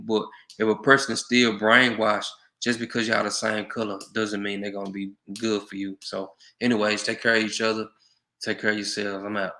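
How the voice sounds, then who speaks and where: A man's voice: fairly low pitch, sharp tone. A man vlogging to his viewers in a casual monologue, earnestly giving them advice. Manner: earnest, advising viewers directly. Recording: roomy echo.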